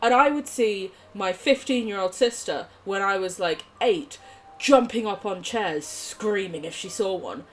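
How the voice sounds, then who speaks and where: A woman's voice: mid-range voice, lively intonation, a little slow. Giggly young woman streaming a game. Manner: bubbly, giggly, swearing, chatting to viewers. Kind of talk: casual live gameplay chat.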